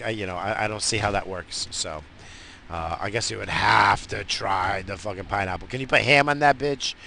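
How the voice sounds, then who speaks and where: A man with a low, bright and forceful voice rants in a loose, profane ramble, swearing freely as he jumps between thoughts. He talks from inside his car, with faint vehicle noise behind him. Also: vocal fry. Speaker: vlogger. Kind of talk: rambling stoned casual chat. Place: in a parked car.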